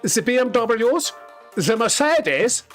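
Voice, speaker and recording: A man putting on a camp, flamboyant German character with a mock German accent and a drawn-out, sing-song delivery. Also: very high-pitched, sing-song, faint music behind, voice pushed up, exaggerated voice. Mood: camp, playful.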